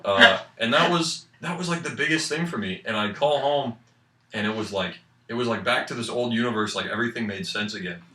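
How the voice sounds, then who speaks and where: A man's voice: mid-range voice, a little fast, slight background noise. A young man from New Hampshire with a New England accent, a student guest rambling through stories in casual radio chat. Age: young adult. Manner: rambling, animated storyteller with filler likes. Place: college radio studio. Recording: roomy, distant mic.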